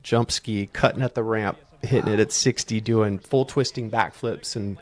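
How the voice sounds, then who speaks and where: A middle-aged man, a guest on an interview show, telling stories in a relaxed, chatty way and acting out the voices of people he quotes. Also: on the low side, moderate pace. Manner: animated storyteller, acts out quoted voices. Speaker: podcast guest, stunt coordinator. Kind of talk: casual interview storytelling.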